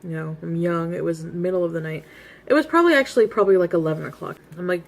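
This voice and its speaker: A woman's voice: on the low side, fast talker, vocal fry. A woman vlogger casually telling a rambling story to her viewers at home, full of asides and little laughs. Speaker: vlogger host.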